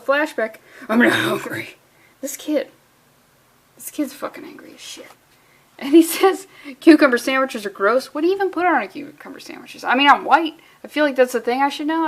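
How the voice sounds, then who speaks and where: A woman's voice: high voice, a bit bright. A woman casually reviewing a comic book, rambling and profane, with lots of jokey asides.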